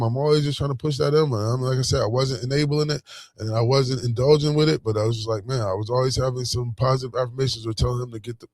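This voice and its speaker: A man with a slightly mellow, medium-pitched voice and a Buffalo accent, a vlogger from Buffalo, New York, offers an easygoing motivational talk. It's slangy and full of "you know what I'm saying," captured in clean studio sound with no room sound.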